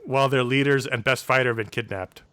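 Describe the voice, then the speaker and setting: A man's voice: medium pitch, fairly even intonation, quick pace, sharp tone, dry recording. Podcast guy cracking dry jokes, medium voice, dead dry recording. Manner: wry, joking asides. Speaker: podcast co-host. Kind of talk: casual chat.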